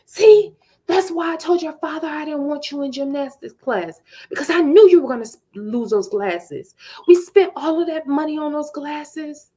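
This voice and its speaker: A woman voicing a harsh, short-tempered mother, shrill and scolding as she accuses her child. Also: very animated, takes it slowly, full character voice. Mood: accusing. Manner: shrill, scolding, rising to yells.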